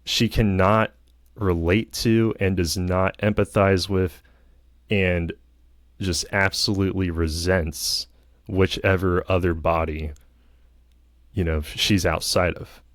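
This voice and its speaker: Low, slow-talking man. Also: steady tone, dry recording, studio quality. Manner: rambling, lots of fillers and hedges. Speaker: vlogger. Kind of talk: casual film review.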